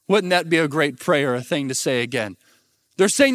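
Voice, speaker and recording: A man's voice: fairly high pitch, lively intonation, moderate pace, a bit bright, no room sound, studio quality. A young man preaching a sermon and asking the crowd to repeat words back. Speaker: pastor.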